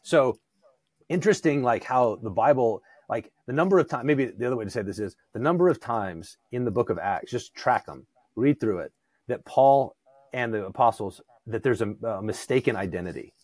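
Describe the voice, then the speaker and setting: A man talking as a podcast guest in a conversational theological discussion, animated, acting out quoted voices with frequent restarts. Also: mid-range voice, moderate pace, husky, no room sound.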